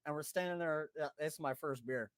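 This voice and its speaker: A man's voice: fairly high pitch, a little fast, clear, resonant tone, no echo. A man hosting a podcast, telling a rowdy story in a casual way, swearing freely, laughing and acting out his friends' voices. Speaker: podcast host.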